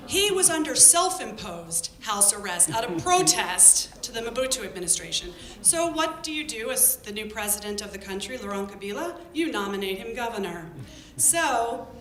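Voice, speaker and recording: A woman telling a lively story about her field work to an audience. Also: moderate pace, few pauses. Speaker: public health worker telling a story. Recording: echoey room with faint rumble.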